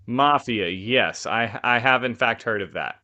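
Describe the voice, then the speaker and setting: Smooth-voiced man in easygoing chat. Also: medium pitch, measured pace, bright, forceful tone. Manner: easygoing, jokey, filler-heavy. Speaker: podcast co-host. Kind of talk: casual chat.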